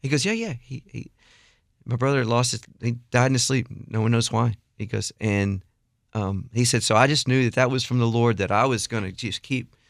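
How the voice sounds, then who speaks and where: Middle-aged guy with a gravelly voice, dry studio sound, telling a story and doing all the quotes. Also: mid-range voice, moderate pace, no room sound. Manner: animated storyteller, acts out quotes, laughs often. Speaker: guest songwriter. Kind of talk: storytelling in a radio interview. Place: radio studio.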